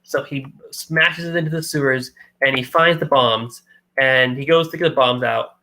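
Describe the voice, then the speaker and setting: A man's voice: medium pitch, normal speed, sharp tone, poor audio. A man co-hosting a podcast, casually retelling a comic book plot and acting out the characters' lines. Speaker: podcast co-host.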